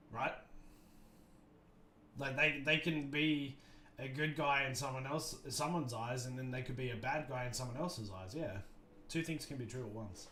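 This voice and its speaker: A man's voice: mid-range voice, measured pace, pauses often, sharp tone, slight background noise. Rambling man on a livestream, roomy echo. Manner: rambling, thoughtful, many restarts and fillers. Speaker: livestream host. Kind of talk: casual livestream chat. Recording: roomy echo, faint music behind.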